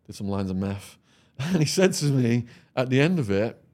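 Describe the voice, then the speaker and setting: A man's voice: medium pitch, sing-song, normal speed, a little mellow. An Englishman on a podcast, telling a vivid, profane story and laughing as he goes. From England. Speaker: podcast guest. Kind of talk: storytelling anecdote.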